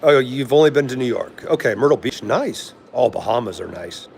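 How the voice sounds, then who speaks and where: A man's voice: medium pitch, expressive, normal speed, gravelly, darkish tone, a little hiss or hum. A middle-aged man with a DC accent, chatting casually on a livestream in a rambling way, laughing often and answering viewer comments. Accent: DC area. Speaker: livestream host.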